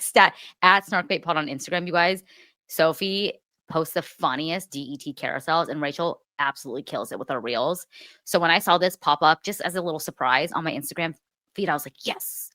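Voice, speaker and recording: A young woman with a low-pitched voice co-hosts a gossip podcast, animated and quick to swear. Her voice is recorded close and dry, with no room sound. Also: no echo. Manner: animated, swears freely, breaks into laughs. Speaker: podcast co-host. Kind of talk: casual gossip chat.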